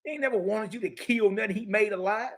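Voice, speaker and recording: High-pitched mocking male commentator. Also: fast. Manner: preachy, mocking, loud outbursts, slangy banter. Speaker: show host. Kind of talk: animated commentary reading from a book.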